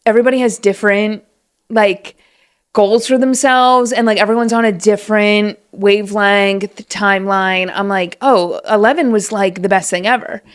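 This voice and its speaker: A woman's voice: mid-range voice, normal speed. Chatty young woman hosting a podcast. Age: late 20s. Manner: chatty, rambling, animated. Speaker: podcast host. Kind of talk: casual solo podcast chat. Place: room at home. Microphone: set-up podcast mic at home.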